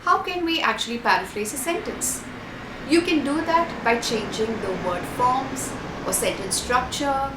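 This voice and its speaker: A woman's voice: high voice, expressive, a little slow, reverberant, noisy background. A woman giving a scripted online exam-prep lesson, listing tips and repeating key points. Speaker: IELTS tutor.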